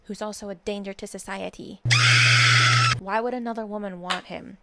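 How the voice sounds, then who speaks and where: A woman's voice: mid-range voice, steady tone, normal speed, vocal fry, raised voice, background noise. A young woman ranting in a blunt, sarcastic and profane commentary video. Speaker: commentary YouTuber. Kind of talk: casual commentary rant.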